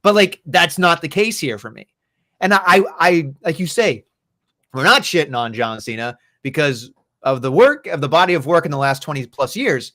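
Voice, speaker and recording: A man's voice: fairly high pitch, lively intonation, moderate pace, sharp tone. A man co-hosting a podcast, chatting casually about wrestling in a rambling, profane way. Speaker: podcast co-host.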